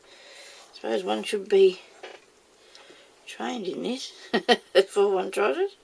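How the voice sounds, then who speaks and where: A woman's voice: medium pitch, slow, creaky, darkish tone, slight background noise. A woman chatting casually as she demonstrates making moulds, talking herself through each step and scolding herself by name. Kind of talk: casual how-to video.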